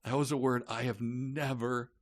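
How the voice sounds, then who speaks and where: A man's voice: medium pitch, fairly even intonation, moderate pace, no echo. A man co-hosting a podcast, chatting casually and reading aloud with wry, amused asides. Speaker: podcast co-host.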